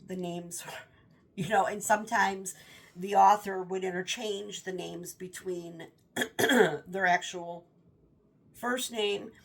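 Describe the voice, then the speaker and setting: A woman giving a casual, rambling book review, often stopping to correct herself. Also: lowish voice. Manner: rambling, self-correcting with fillers.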